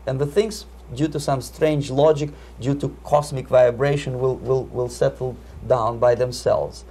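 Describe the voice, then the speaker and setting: Russian-accented man, husky and dark. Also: medium pitch, fairly even intonation. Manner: measured, emphatic, frequent repeated words and uh fillers. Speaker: interviewee, Soviet defector. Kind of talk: interview answers. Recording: 1980s video interview.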